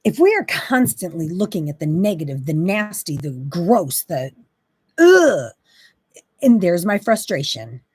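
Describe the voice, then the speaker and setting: A woman's voice: on the low side, very animated, unhurried, a little mellow, husky, dry recording. A woman hosting a faith-based monologue, talking in an impassioned, exasperated, preachy way. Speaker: Christian talk host.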